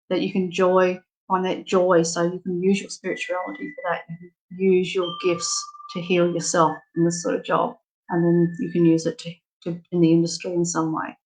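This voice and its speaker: A woman's voice: lowish voice, fairly bright tone. A middle-aged Australian woman giving a spiritual reading on a live stream, frank and affectionate, laughing often. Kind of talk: casual live-stream chat.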